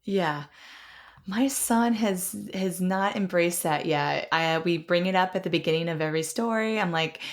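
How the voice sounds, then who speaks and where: A woman in her thirties hosts the interview with a voice that sits low for a woman. She chats in a relaxed, casual way and laughs easily as she talks. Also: moderate pace. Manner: warm, chatty, laughs easily. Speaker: host.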